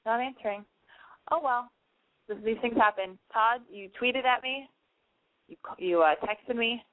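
A woman's voice: fairly high pitch, measured pace. A woman hosting a casual call-in advice radio show, chatty and frank, swearing freely. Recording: dry, phone-like narrow band.

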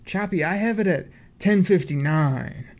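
An excited man hosts a casual sports podcast, walking through game plays from his notes like play-by-play. His voice sits a touch higher than most men's. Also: unhurried. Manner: hyped play-by-play recapping from notes. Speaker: podcast host.

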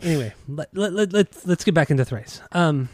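A man co-hosts a casual music podcast in a laid-back, profane way. His voice sits a bit high for a man. The recording is dry and close, with no room sound. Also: expressive, a little fast, a little mellow, no room sound. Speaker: podcast co-host.

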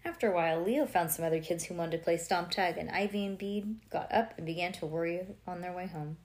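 A woman's voice: on the low side, fairly quick. A young woman reading a children's book aloud, breaking off now and then to chat and joke with someone close by. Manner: lively, breaks off to chat and joke with a listener nearby. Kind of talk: reading a storybook aloud with asides.

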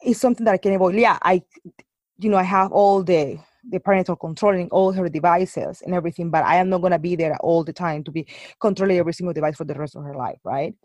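A woman's voice: on the low side, fairly even intonation, darkish tone, dry recording. A woman guest in a casual interview, talking earnestly with frequent restarts and hesitations. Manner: halting, restarts often, earnest.

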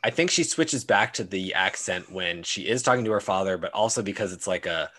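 A man's voice: low-pitched, brisk. A man co-hosting a casual show, chatting loosely with many likes and you-knows. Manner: relaxed, says like and you know a lot. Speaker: podcast co-host. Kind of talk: casual chat.

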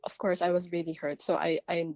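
Candid woman, low dry voice. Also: level tone, fairly quick, darkish tone, no echo. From Philippines. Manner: candid, frequent fillers and restarts. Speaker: guest telling a dating story. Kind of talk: casual chat.

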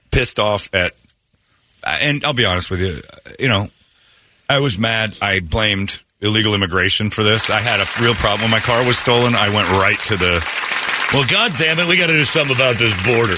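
A man hosting a radio talk show, telling a funny story in an animated way and acting out the voices in it. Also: on the low side, dry recording, studio quality. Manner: animated, acts out his own crying and other voices.

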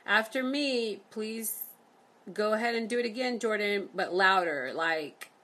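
A woman's voice: medium pitch, fairly bright tone. A woman hosting a poetry session over a video call, chatting casually and reading her own rhyming poem. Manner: chatty, full of fillers, reads rhymes briskly.

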